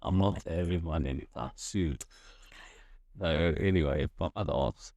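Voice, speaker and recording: A man co-hosting a casual podcast chat, talking hesitantly with many pauses and restarts. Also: sits low, vocal fry, darkish tone, no room sound. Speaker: podcast co-host.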